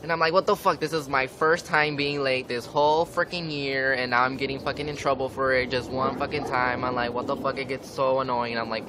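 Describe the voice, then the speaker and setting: Brisk and flat, with hardly any pauses, a young man with a medium-pitched voice rants to camera for his vlog. He's outside in the wind with traffic noise behind him, peppering his talk with swearing and "like."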